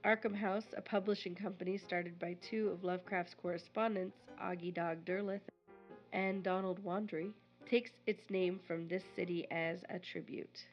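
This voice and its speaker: A woman's voice: lowish voice, fairly even intonation, normal speed, dull audio, soft background music. A woman co-hosting a podcast, reading sponsor notes and background on a fictional town in a jokey, chatty way. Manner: jokey, giggly banter, then reads a quoted passage aloud. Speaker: podcast co-host.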